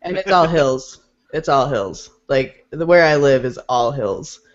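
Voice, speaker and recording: A woman's voice: very deep voice, animated, measured pace. A woman co-hosting a podcast, giggly and playful in casual chat. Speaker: podcast co-host. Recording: dull lo-fi podcast audio.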